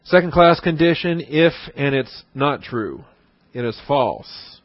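A man's voice: fairly high pitch, lively intonation, slow pace, no room sound, lo-fi sound. A man giving a conversational, emphatic sermon-style Bible lesson with frequent restarts. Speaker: Bible teacher.

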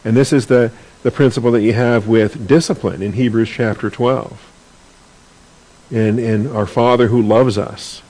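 A man's voice: mid-range voice, steady tone, unhurried, darkish tone, poor audio. A man teaching a Bible class in an earnest, conversational way, often repeating words as he searches for the next phrase.

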